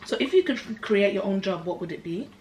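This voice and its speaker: A tipsy young woman co-hosting a casual chat, bubbly and quick to giggle. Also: mid-range voice, expressive, a little mellow, a little hiss or hum. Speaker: co-host, singer. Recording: echoey room.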